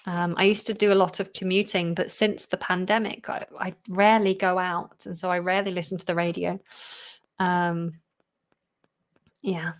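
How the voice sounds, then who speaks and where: A woman's voice: on the low side, flat delivery, moderate pace. Chatty woman hosting a live Q&A. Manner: chatty, laughs often, reads viewer questions aloud. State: a bit tired. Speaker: English teacher and channel host.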